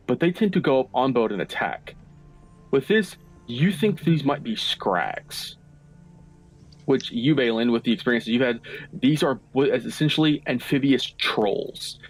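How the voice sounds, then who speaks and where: A man serving as game master, narrating a tabletop game at a measured pace, with lots of "uh" fillers and the odd swear. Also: mid-range voice. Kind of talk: narrating a tabletop game over an online call. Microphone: online voice-chat mic.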